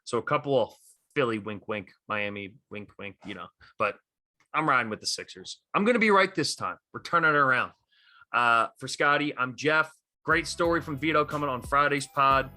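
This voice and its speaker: A man co-hosts a casual sports podcast, talking with eager energy and plenty of "um"s and "you know"s. His voice is bright and forceful. The mic is close and dry, with no room sound. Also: medium pitch, moderate pace, dry recording. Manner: enthusiastic, animated retelling of stories. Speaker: podcast co-host.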